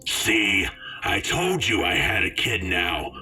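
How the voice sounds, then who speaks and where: Man doing croaky deep-voiced creep, slow drawl, sharp edge, whispery. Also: sing-song, soft background music, exaggerated voice. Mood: menacing. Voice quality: croaky, breathy half-whisper. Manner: slow, taunting. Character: creepy croaky-voiced male stranger, sinister.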